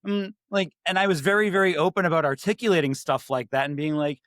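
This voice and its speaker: A man, a podcast guest, telling stories in a casual, animated way and acting out his own past remarks. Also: on the high side, fairly quick, no echo, studio quality. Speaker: podcast guest, IT services manager.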